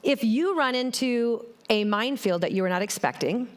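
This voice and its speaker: A woman's voice: fairly high pitch, normal speed, hardly any pauses. A middle-aged woman giving a motivational keynote talk on a conference stage, telling stories and speaking straight to the audience. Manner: animated, storytelling, addresses the audience directly.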